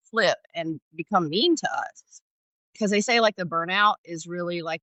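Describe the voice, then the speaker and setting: This podcast guest is a middle-aged woman from Georgia, USA, and a former ER paramedic, recounting candid stories in an interview while animatedly voicing the dialogue. Her fairly low voice is a bit bright, heard on a dry, rough recording.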